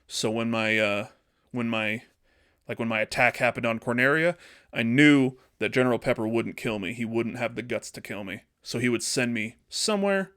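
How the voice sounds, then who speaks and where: A man's voice: mid-range voice, moderate pace, a bit bright, clean tone, dry recording, clean studio sound, natural voice. A man voicing a cocky male villain who explains his plan in a smug, offhand way. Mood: boastful.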